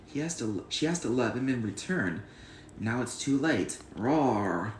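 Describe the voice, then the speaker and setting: A man's voice: medium pitch, animated, moderate pace, echoey room, slight background noise. A man reciting memorized film lines and trivia, earnest and proud, at home. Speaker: channel host.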